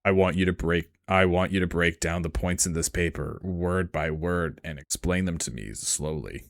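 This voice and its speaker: Man doing a low, slow, teasing professor. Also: dry recording, studio quality. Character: suave older male professor, teasing and slow.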